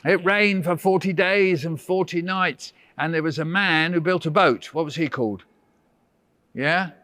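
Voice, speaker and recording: A man's voice: fairly high pitch, unhurried, fairly bright tone, dry recording. A man, a visiting author, running a playful storytelling workshop for children and coaxing them with questions.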